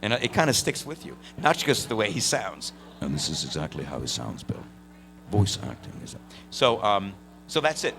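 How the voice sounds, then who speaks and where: A man on a convention panel, telling animated stories full of fillers and laughs. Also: on the low side, a little hiss or hum. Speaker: voice actor panel guest. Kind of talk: storytelling on a live convention panel.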